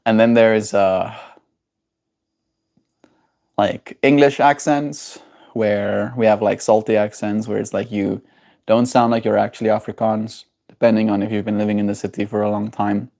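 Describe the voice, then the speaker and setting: A man's voice: lowish voice, level tone, moderate pace, creaky, darkish tone. Chatty South African man streaming. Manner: rambling, chuckling, reacting to chat. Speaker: livestreamer. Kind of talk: casual live-stream chat.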